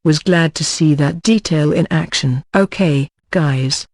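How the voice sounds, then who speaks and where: A narrator reading a comic light novel in a flat, even way, spelling out sound effects letter by letter. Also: mid-range voice, moderate pace, no room sound. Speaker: audiobook narrator.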